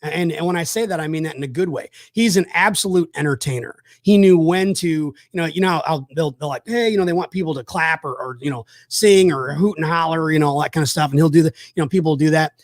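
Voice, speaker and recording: A man's voice: a little high, fast talker, hardly any pauses, no room sound, clean studio sound. A man hosting a casual chat, telling rambling, enthusiastic stories with lots of fillers. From South Georgia, USA. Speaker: host.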